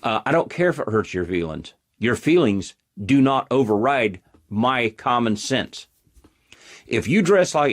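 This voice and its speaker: A man hosting his own show, giving a blunt, combative political commentary monologue. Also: mid-range voice. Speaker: host.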